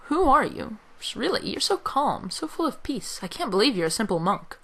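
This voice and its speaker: A woman's voice: a little high, big pitch swings, moderate pace, vocal fry, heavily acted. A woman voicing a blunt, honest young male mercenary leader who speaks plainly and directly. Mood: frank.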